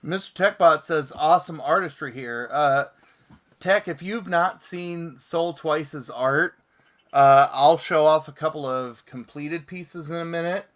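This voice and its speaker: Male host of a comics chat, unhurried and laid-back, reads viewer comments aloud. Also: fairly high pitch, a bit bright. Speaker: podcast host. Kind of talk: casual chat.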